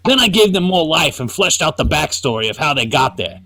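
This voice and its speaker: A man's voice: fairly high pitch, very animated, a little fast, pushed and bright, voice pushed up, heavily acted. A man putting on an arrogant, self-glorifying male artist mogul, reading out boastful, profane brags. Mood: boastful, cocky.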